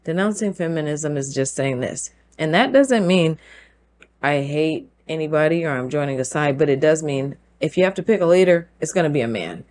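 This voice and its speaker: A woman hosting her own show, talking through a forceful opinion monologue, firing off rhetorical questions and laughing between points. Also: sits low, animated, normal speed. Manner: emphatic, fires rhetorical questions. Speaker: show host.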